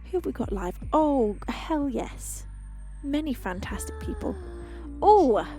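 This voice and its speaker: Soft music plays behind a young English woman from the UK, a streamer and singer-songwriter, as she bids her live stream viewers an effusive goodbye. She speaks slowly in a high-pitched, sing-song voice, bubbly and full of soft laughs and sighs.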